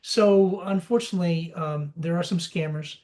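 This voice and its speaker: Story-telling man, fairly high voice. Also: steady tone, normal speed, a little mellow. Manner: storytelling, acting out quoted dialogue. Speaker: podcast guest, sales expert. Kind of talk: casual interview talk.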